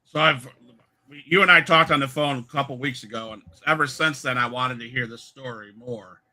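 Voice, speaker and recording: A male host asks questions in a relaxed, agreeable way. His voice has a very bright, sharp edge to it. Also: mid-range voice, moderate pace, rough recording. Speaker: interview host. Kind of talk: casual interview.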